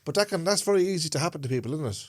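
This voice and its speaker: A man's voice: on the high side, expressive, rapid-fire, no echo. Irish Traveller man, podcast co-host, rambling talker, dry close sound. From Ireland. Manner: rambling, checks in with "do you get what I'm saying". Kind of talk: casual chat.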